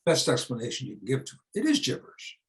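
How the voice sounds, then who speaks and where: Older man from the US, seventies, unscripted talk to a group, mid-pitched voice, conversational, frequent restarts and fillers, blunt rhetorical questions. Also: wildly swooping pitch, quick pace, poor audio. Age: 70s. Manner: plain-spoken, rhetorical questions answered himself. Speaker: speaker on church reform.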